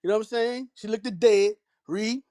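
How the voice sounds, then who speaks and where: A man's voice: high voice, normal speed, a little mellow. A man with an African American Vernacular English accent, teaching scripture with blunt, commanding commentary and frequent interjections. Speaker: teacher leading a scripture reading. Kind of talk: street preaching commentary.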